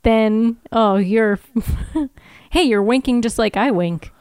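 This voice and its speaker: A woman's voice: on the high side, slow pace, a little mellow, clear, resonant tone, no room sound, clean studio sound. A woman co-hosting a podcast, chatting casually about TV and teasing her co-host with blunt, laughing remarks. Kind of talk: casual chat about TV episodes.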